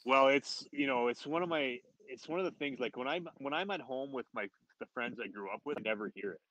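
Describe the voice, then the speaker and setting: A man, a former hockey player, telling an anecdote in casual chat as a podcast guest, animated and laughing often. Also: medium pitch, fairly quick, no echo, poor audio. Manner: animated, laughs often, quotes others in raised voices. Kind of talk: casual storytelling.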